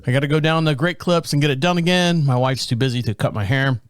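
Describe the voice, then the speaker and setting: A man's voice: medium pitch, fast, clear, resonant tone, no room sound. Middle-aged male podcast host, exasperated rambler, swears freely, dry close studio sound. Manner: rambling, exasperated storytelling with profanity. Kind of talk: casual solo rant. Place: home studio.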